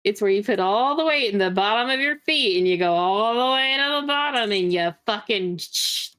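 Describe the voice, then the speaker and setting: A woman's voice: medium pitch, lively intonation, moderate pace, a bit bright, clear, resonant tone, no room sound. A woman streamer chatting casually with a co-host, laughing a lot and swearing freely. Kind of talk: casual chat.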